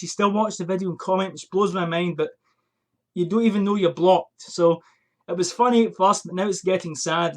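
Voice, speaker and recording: This casual vlog rant comes from a young man in a little attic room, cursing in exasperation into a USB desk microphone before he reviews a fragrance. He has a high-pitched, somewhat bright voice.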